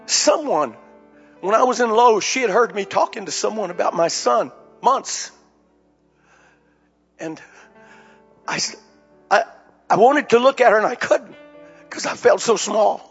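A man with a fairly high voice delivers a sermon as a personal story, speaking frankly and conversationally to his listeners. The recording is a bit muffled, with soft music underneath. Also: lively intonation, measured pace, long pauses, breathy edge. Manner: candid, conversational storytelling addressing the congregation. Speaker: preacher. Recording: slightly dull recording with faint music behind.

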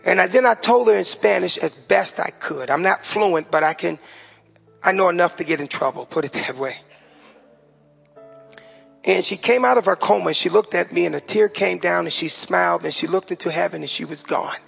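Gravelly older man preaching in a hall. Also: high voice, soft background music. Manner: preaching with emotional pauses, dropping soft on heavy moments. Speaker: pastor. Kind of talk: sermon. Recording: dull sound with long hall reverb.

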